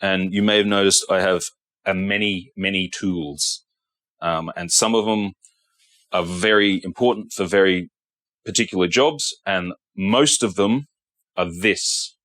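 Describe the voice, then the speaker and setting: A man's voice: low-pitched, a little slow, a bit bright, dry recording. A man, a guitar technician, giving a blunt workshop tutorial and often checking in with "okay". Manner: blunt, repeats himself, says okay often.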